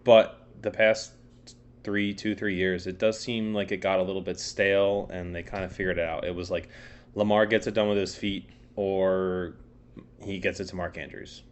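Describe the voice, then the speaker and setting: A man's voice: low-pitched, little pitch movement, normal speed, lo-fi sound. A man co-hosting a podcast, chatting casually about football in a laid-back, rambling way. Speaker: podcast co-host. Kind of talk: casual sports chat.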